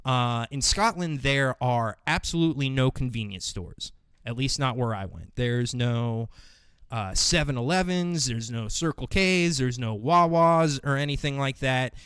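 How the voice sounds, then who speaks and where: A man's voice: mid-range voice, lively intonation, a little slow, fairly bright tone, smooth, no room sound. An American man hosting his own show in a loose, profane, casual monologue full of fillers. He sounds like a young adult. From United States. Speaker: podcast host.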